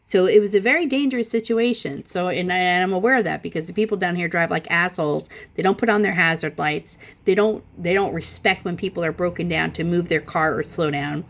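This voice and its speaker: Middle-aged woman, gravelly voice, lowish pitch, casual profane storytelling, animated. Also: fairly quick, few pauses. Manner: animated, profane, voice jumps up when emphatic. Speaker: vlogger.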